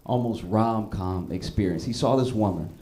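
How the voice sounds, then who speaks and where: Guy doing stand-up, kinda low voice, chatty stories that blow up into excited rants. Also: normal speed. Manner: conversational storytelling, bursting into animated high-pitched rants. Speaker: stand-up comedian. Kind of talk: stand-up comedy. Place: comedy stage.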